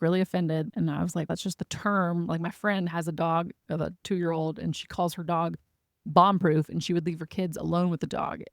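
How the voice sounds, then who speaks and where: A young woman talks through her stories in a loose, rambling way, leaning on filler words as she goes. Her voice has a gravelly, fried texture, and the sound is close and dry. She talks as a guest in a relaxed interview. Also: on the low side, no room sound. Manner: chatty, many "like" fillers. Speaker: animal shelter guest. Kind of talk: casual interview storytelling.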